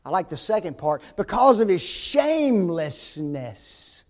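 A man pastor preaching a sermon in church, with emphatic delivery, rhetorical questions and big swings between loud and soft. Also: high voice, big pitch swings, measured pace.

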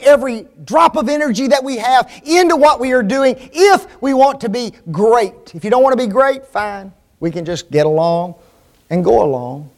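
A man preaching a sermon to a congregation, driving points home with repeated phrases and tag questions. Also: very high voice. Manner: rhetorical tag questions, emphatic repetition.

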